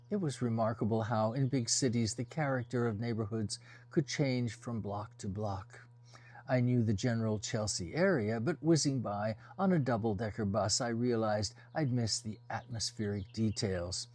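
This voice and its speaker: A man reading a first-person novel aloud as an audiobook, in a measured, descriptive storytelling manner. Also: lowish voice, a little mellow, breathy edge. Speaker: audiobook reader.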